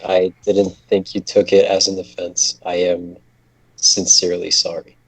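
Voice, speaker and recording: A man playing in a tabletop game, with a low, gravelly and husky voice recorded dry and close. He talks casually, swears freely and drifts in and out of his character. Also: completely flat delivery, a little slow, no echo, poor audio. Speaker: player.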